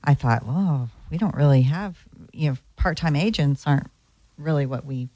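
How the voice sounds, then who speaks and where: A woman real estate agent speaking on a radio show, soft-spoken with frequent ums. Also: sits low, normal speed, no room sound. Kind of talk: casual radio chat. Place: radio studio.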